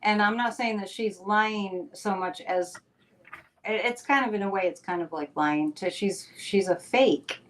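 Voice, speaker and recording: Woman host, mid-pitched, chatty and upbeat, rambles through plugs and news talk. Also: measured pace, a bit bright. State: a bit out of breath. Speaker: psychic and show host. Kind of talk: casual chat with announcements.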